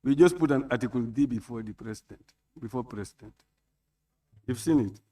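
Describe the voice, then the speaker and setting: A man responding from the government side, briskly pointing out wording in the text. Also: mid-range voice, dark tone. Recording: voice distant from the mic.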